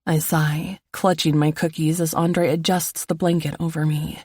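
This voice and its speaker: Low voiced woman reading a romance audiobook, calm and even, dry close sound. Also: normal speed, husky, no echo. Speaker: audiobook narrator. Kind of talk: first-person romance audiobook narration.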